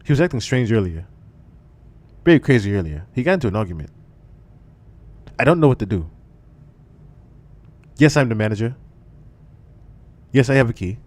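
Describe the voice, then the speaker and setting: Man putting on a deeper, flat, unbothered hotel manager on a phone call, livestream impression. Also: no room sound. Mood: calm. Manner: flat, subdued, unhurried. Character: calm male hotel manager on emergency call.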